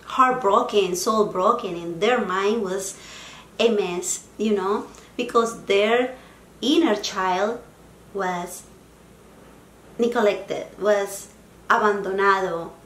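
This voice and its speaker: A woman's voice: medium pitch, slow pace, pauses often, a bit bright, roomy sound, slight background noise. A woman in her forties with a Spanish accent, talking earnestly and heartfelt in a self-help vlog. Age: 40s. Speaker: vlogger.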